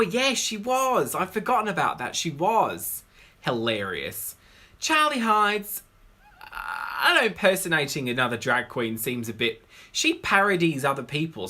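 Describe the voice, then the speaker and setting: A man's voice: mid-range voice, pushed and bright. A man, a drag queen, hosting a casual livestream Q&A, rambling and greeting viewers by name.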